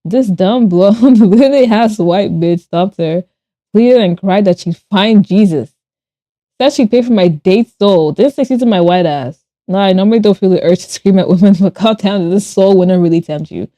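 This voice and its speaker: A woman streams casually while she draws, reading her chat aloud in a mellow, warm voice. She is animated and quick to laugh, and she swears bluntly when something annoys her. The sound is dry and close, with no room echo. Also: medium pitch. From Nigeria and Ireland. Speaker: streamer and artist.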